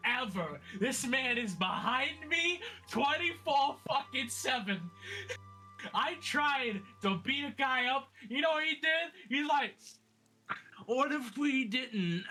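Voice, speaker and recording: A man's voice: very high voice, expressive, measured pace, sharp tone, soft background music, pitched above the performer's own voice, heavily acted. A man voicing his character, a brash, hot-tempered street brawler who rants in long, profane, rambling bursts. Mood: ranting.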